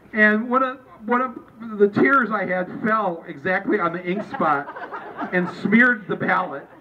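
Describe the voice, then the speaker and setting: A man with a fairly high voice talks casually to a crowd in a store, circling back and restarting his thoughts as he goes. He sounds distant and muffled, with faint room ambience behind him. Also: a little hiss or hum. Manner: rambling and conversational, with many restarts. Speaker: author speaking at a book-tour event. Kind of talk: informal talk to a live audience. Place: store during a book event.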